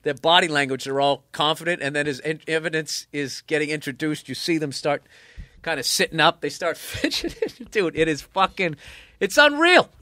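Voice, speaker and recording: A man in casual podcast chat, telling a story with profanity and animated bursts that rise out of low mumbling. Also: normal speed, no room sound. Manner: animated, profane, jumps from mumbling to excited outbursts. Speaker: comedian guest.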